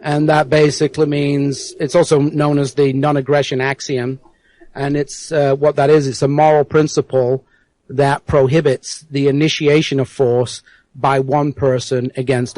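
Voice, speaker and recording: A man's voice: mid-range voice, darkish tone, dry recording, low-quality recording. Earnest man, Yorkshire-American accent. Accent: Yorkshire mixed with American. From England. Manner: earnest, halting, many fillers. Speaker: guest. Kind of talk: casual interview.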